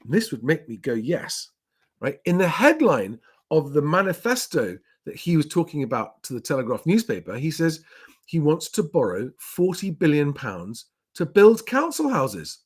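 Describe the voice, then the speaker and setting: A man's voice: a little high, very animated, normal speed, breathy edge. A man hosting his property channel live, rambling and chatty as he runs through the week's news. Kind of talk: casual live commentary.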